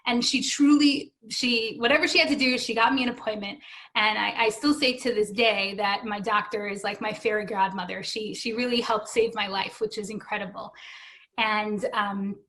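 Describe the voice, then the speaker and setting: A woman's voice: medium pitch, steady tone, normal speed, fairly bright tone. A woman in her thirties telling her own story in an earnest, emotional way, acting out the voices of the people she quotes. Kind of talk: personal storytelling.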